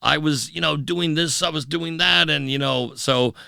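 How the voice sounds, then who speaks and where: A man's voice: on the high side, normal speed, creaky, no room sound. A middle-aged man, a musician guest in a podcast studio, telling his story candidly and acting out the voices of the people in it. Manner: animated storyteller who acts out quoted voices. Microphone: studio microphone.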